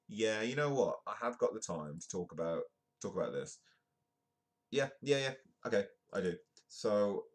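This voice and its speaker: Deep-voiced British man reading comic news. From United Kingdom. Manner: reads news aloud with joking asides and laughs. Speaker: host. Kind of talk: live-streamed comedic news reading.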